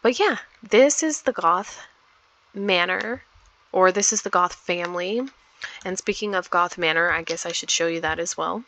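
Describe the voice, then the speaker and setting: A woman's voice: fairly low pitch, moderate pace, bright, forceful tone. Chatty woman narrating her gameplay. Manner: chatty, rambling with many ums. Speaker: gameplay vlogger. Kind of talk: casual game commentary.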